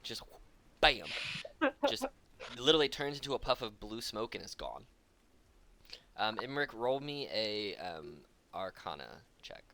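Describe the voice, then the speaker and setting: A man's voice: fairly low pitch, animated, unhurried, sharp tone. A man narrating a tabletop role-playing game as game master, in loose, casual talk full of fillers.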